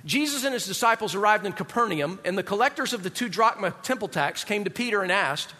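High, bright-voiced preacher in a reverberant hall. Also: male voice, quick pace, few pauses. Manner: animated, rhetorical questions to the congregation. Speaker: pastor. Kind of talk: sermon.

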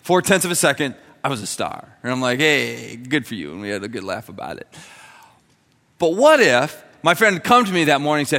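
A young adult man, a pastor, preaching a sermon and telling a story with lively acted-out dialogue. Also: fairly high pitch, brisk. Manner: animated, acts out dialogue in his story. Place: church sanctuary. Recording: long hall reverb.

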